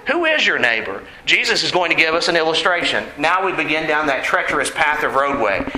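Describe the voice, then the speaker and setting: A man's voice: a little high, sing-song, brisk, sharp tone. A man preaching a sermon in an earnest way, asking the congregation questions. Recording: echoey room with faint noise.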